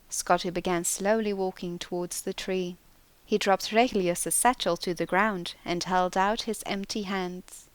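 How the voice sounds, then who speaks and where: A woman narrating an audiobook in slow, deliberate storytelling. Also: on the low side, steady tone, dry recording. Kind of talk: scripted narration.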